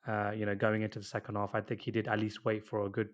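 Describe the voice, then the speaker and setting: A man's voice: fairly low pitch, completely flat delivery, fast talker, muffled recording. A young man co-hosting a football podcast, speaking hesitantly with many you-knows and restarts. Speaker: podcast co-host. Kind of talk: casual football chat.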